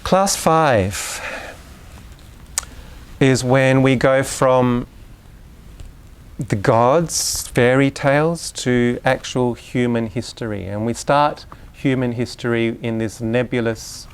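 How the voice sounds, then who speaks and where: Guy lecturing to a room of parents, chatty and easygoing, tosses questions out to the crowd, mid-pitched voice. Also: smooth. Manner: conversational, unhurried, with asides and questions to the audience. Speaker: lecturer on Waldorf education. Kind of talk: live lecture to an audience. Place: live lecture venue.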